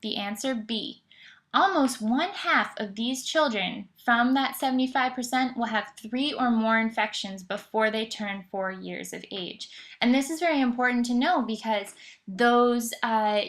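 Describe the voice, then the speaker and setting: A woman's voice: on the high side, a bit bright. Woman narrating an educational slideshow. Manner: explanatory, occasional fillers and self-corrections.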